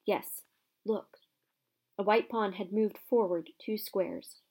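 A woman narrating a children's fantasy novel aloud with expressive, lively storytelling. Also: mid-range voice, a little slow.

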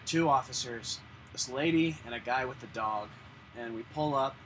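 A man telling a story casually on a podcast, animated and swearing, acting out the other people in his story. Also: medium pitch, normal speed, slight background noise, poor audio. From Denver area. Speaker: podcast guest, artist.

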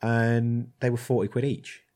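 A man's voice: medium pitch, level tone, a little slow, darkish tone. A man, a blacksmith chatting casually and rambling with many ums and restarts. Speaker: blacksmith, guest. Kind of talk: casual chat.

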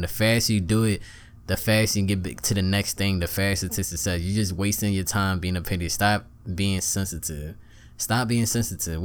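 A man giving a casual motivational monologue, talking conversationally, repeating himself and asking rhetorical questions. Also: sits low.

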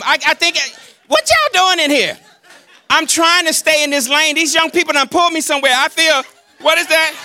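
A man preaching a sermon as pastor, animated and playful, acting out his talks with God and joking with the congregation on a handheld mic. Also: extremely high pitch, no room sound, studio quality.

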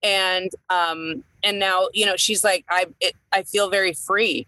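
A woman's voice: medium pitch, steady tone, unhurried, pushed and bright, no room sound, low-quality recording. A woman in her thirties, an entertainer co-hosting a casual chat, talking in a rambling way with many fillers and restarts. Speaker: podcast co-host, entertainer.

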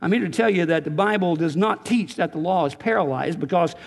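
In a reverberant church sanctuary, a man preaches a sermon with a gravelly, high-pitched voice and a fairly quick delivery. He is earnest, frequently restarting and repeating words to press each point as the pastor.

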